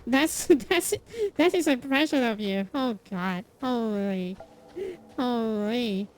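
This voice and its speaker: A woman's voice: a little high, takes it slowly, a little hiss or hum. A young woman streamer chatting casually while gaming, rambling and self-deprecating with lots of restarts and fillers, and laughing often.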